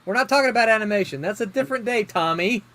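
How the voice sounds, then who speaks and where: A man's voice: sits high, animated, fairly bright tone. A man hosting a casual panel chat, often stumbling and repeating words as he talks. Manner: halting, repeats words, laughs easily. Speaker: panel host.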